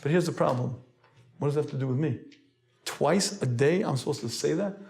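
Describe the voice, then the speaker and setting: A man, a rabbi, preaching a sermon in an earnest, lecturing way, often clearing his throat as he goes. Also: fairly high pitch, a little fast, darkish tone.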